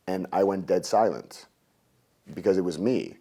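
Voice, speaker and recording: Animated storytelling man. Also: low-pitched, normal speed. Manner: animated, jokey, acts out his own past rants. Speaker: interview guest, coach. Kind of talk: storytelling in an interview.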